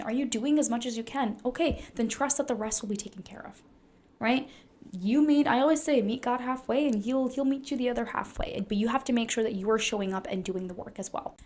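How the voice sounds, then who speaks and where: A young woman, a wellness coach, giving earnest, chatty motivational advice to camera, full of "like" fillers and now and then dropping to a soft whisper. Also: on the high side. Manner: sometimes drops into a soft whisper. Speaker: naturopathic doctor and wellness coach. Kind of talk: casual motivational talk to camera.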